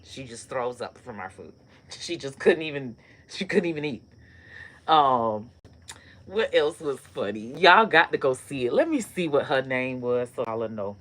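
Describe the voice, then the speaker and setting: A woman hosting a casual comedy live stream, telling stories and ranting in a loose, profane, animated way with bursts of laughter. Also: extremely low pitch, unhurried. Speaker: online comedy host.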